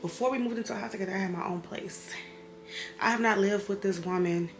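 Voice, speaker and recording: Somewhat tipsy, this vlogger, a single mother, speaks openly and emotionally about difficult times, wandering off track and sometimes getting heated. She talks fast in a mid-range voice, in an echoey room with a little hiss or hum.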